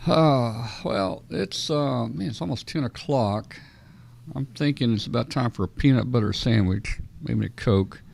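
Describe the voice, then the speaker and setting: Gravelly man hosting a roundtable. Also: medium pitch, measured pace, darkish tone. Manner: folksy, often clears his throat. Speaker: host. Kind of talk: casual radio roundtable chat.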